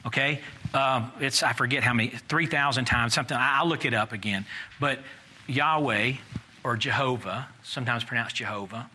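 A man's voice: medium pitch, moderate pace, bright, forceful tone, a little hiss or hum. A man leading a Bible study class, thinking aloud in a conversational way and putting questions to the group.

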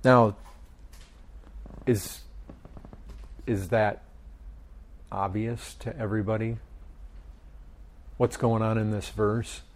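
A man preaching a sermon as pastor, in a deliberate way with emphatic pauses. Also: on the low side, fairly even intonation.

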